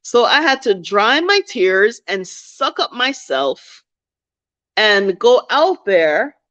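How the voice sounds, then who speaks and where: A woman's voice: medium pitch, sing-song, takes it slowly, fairly bright tone. A woman telling a personal story to camera in a candid, reflective way, repeating phrases for emphasis. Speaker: vlogger. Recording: dull lo-fi recording.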